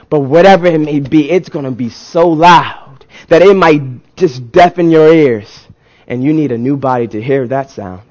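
Man, preacher, sermon, slightly high voice, repetitive build-ups, call-and-response. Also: normal speed, rough recording. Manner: rising to emphatic peaks, call-and-response with the congregation; repeats and restarts words, builds intensity.

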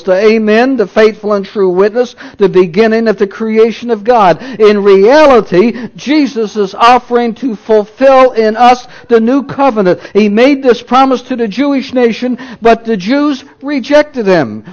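A man preaching a sermon, moving between loud emphatic declarations and hushed low asides. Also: muffled recording.

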